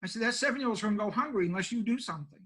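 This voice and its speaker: Very fast and high-pitched, his voice pushed, bright, and husky, an older man tells folksy stories in an interview over a rough recording. He's a country pastor and homeless shelter director from Maine who speaks plainly and makes fun of himself.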